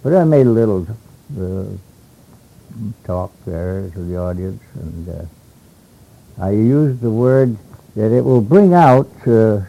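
An older man from Alaska recalling old stories in a rambling, halting way, with many hesitations and chuckles, on a dull lo-fi tape. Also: on the low side, animated, vocal fry. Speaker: interviewee. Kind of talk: oral history reminiscence.

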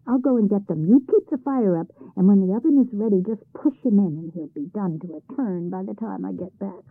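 A woman reading a storybook, voicing a big, greedy male troll who talks loudly and gloats. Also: medium pitch, a little fast, no room sound, close to an everyday voice. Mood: gloating. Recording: tinny phone-like sound.

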